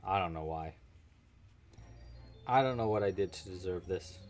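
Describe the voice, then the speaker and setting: A man's voice: low voice, moderate pace, soft background music. A man casually teaching a crochet-along on a livestream, chatty and playful, often chatting with his cat. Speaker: crochet instructor.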